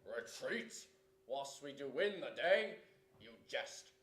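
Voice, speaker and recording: A man's voice: medium pitch, lively intonation, slow pace, fairly bright tone, echoey room. Distant man reciting rhyming chorus verse. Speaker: narrator chorus and Tarkin. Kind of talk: casual table read of verse.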